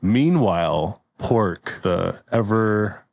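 A man's voice: on the low side, animated, extremely slow, gravelly, darkish tone. Upbeat stammering male podcast host. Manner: stammering, upbeat, laughs often. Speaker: host and narrator. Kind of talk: improv podcast narration.

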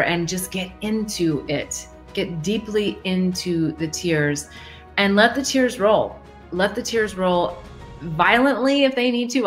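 A woman with a slightly low voice hosts a live advice session in a casual coaching tone. She speaks gently and reflectively, with quick shifts between rushing and lingering. Soft music plays faintly behind her.

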